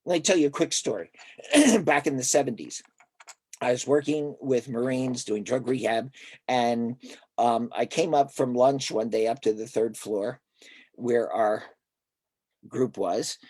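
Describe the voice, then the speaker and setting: An older man who works as a therapist tells stories in a conversational interview, animatedly acting out the dialogue of the people involved. His voice is medium-pitched and a little slow, with no echo.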